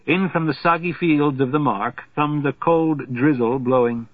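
A man narrating a literary novel as an audiobook in a measured voice that grows hushed in somber passages. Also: mid-range voice, no echo. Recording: tinny phone-like sound, dry.

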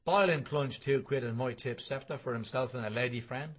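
A man's voice: medium pitch, moderate pace, slightly rough, natural voice. A man reading the part of a glum racing man who lost his bet, dry and rueful.

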